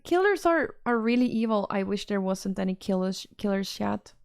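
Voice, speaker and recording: A woman's voice: mid-range voice, animated, moderate pace, vocal fry, darkish tone, clear, resonant tone, no room sound, clean studio sound. A woman streamer, chatting casually and reacting to messages from her chat.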